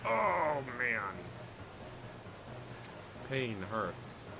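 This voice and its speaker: Animated joking male streamer. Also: mid-range voice, extremely slow, vocal fry, music in the background. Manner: joking, chatty, reacts to viewer chat. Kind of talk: casual game-stream chat.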